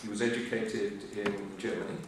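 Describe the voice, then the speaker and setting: A man's voice: on the low side, little pitch movement, moderate pace. An older man giving a history lecture, full of ums and uhs, with dry humour. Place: lecture hall. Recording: echoey hall, voice from far off, faint hiss.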